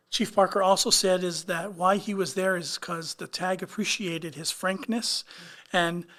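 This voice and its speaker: A man's voice: sits high, a bit bright. A man co-hosting a casual talk show, chatty and given to trailing restarts. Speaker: co-host. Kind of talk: casual podcast chat.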